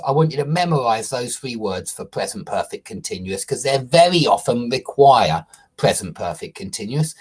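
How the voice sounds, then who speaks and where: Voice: mid-range voice, darkish tone, slightly rough. An English grammar teacher explaining a tense step by step, stressing key points and often checking in with "okay?" or "yeah?".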